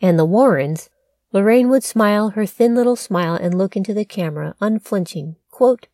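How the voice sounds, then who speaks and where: A woman's voice: mid-range voice, lively intonation, moderate pace, mellow, dry recording, clean studio sound. A woman hosting a podcast, telling a true crime story in a conversational way with wry asides. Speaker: podcast host.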